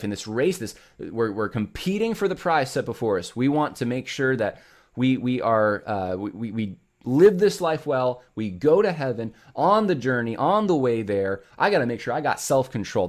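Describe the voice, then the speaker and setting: A man hosting his own show, talking straight to his listeners in a casual, rambling way with many restarts and fillers. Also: mid-range voice. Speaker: show host. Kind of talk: casual commentary monologue.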